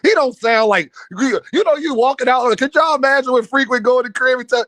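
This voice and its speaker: A man's voice: extremely high pitch, brisk, few pauses, pushed and bright, no echo. A man hosting a livestream, teasing and trash-talking chat members with frequent laughter. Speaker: livestream host. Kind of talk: casual livestream banter.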